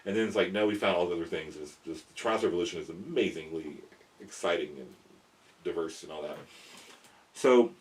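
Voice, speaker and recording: A young man with a low voice hosts a casual explainer vlog on prehistoric animal figures, speaking fairly quickly and sitting far from the mic. He rambles animatedly, often cutting himself off and chuckling at his own asides.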